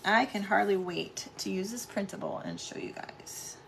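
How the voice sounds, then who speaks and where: A woman's voice: medium pitch, moderate pace, gravelly, fairly bright tone, slight background noise. A middle-aged woman hosting a casual live craft stream at home, chatting with viewers and greeting them by name.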